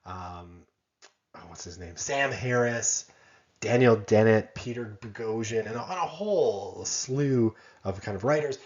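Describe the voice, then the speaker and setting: A man's voice: fairly low pitch, darkish tone, echoey room, dull audio. A man giving a conversational college lecture, often checking in with "right?" and making self-deprecating asides.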